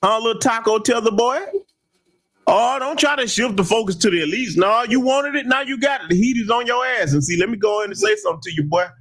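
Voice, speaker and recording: A man hosting a heated commentary broadcast, talking in an emphatic, taunting, loud way. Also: very high voice, animated, fairly quick. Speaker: host.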